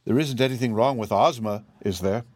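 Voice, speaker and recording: A man's voice: lowish voice, fairly quick, no room sound, close to an everyday voice. A man reading an audiobook, voicing an eager, earnest young girl.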